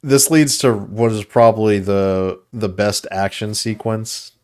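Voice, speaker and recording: A man's voice: fairly low pitch, fairly even intonation, unhurried, darkish tone, smooth. A man co-hosting a podcast, retelling movie scenes in a rambling, enthusiastic way with fillers. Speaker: podcast co-host. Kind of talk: casual movie review chat.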